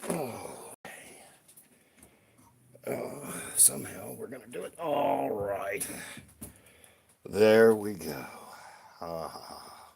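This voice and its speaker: A man's voice: on the low side, expressive, drawn-out words, gravelly, long pauses, darkish tone, slightly rough. A man hosting a casual live stream, chatting playfully with his viewers while he cleans a shelf at home. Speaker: livestream host. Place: room at home by a toy shelf.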